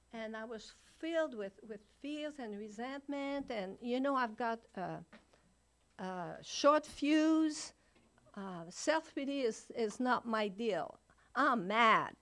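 An older woman speaking frankly at a recovery meeting, blunt and laughing often as she shares. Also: sits high.

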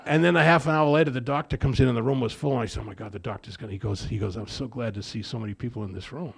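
A man's voice: mid-range voice, rapid-fire, gravelly, hardly any pauses. An older man telling a long personal story at a recovery meeting, acting out the dialogue and repeating phrases for effect. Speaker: AA speaker. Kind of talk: speaker share at a recovery meeting.

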